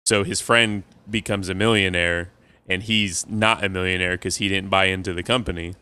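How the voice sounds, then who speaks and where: A man's voice: deep voice, steady tone, moderate pace, pushed and bright, smooth. A man chatting casually on a podcast, rambling through long stories and laughing at his own jokes. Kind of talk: casual chat.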